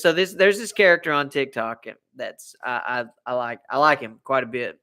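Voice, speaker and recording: An American man chats casually on a home live stream, wandering from topic to topic and repeating himself. His voice is bright and forward, and he sits close to a desk microphone. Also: medium pitch, animated, normal speed, hardly any pauses. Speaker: livestream host.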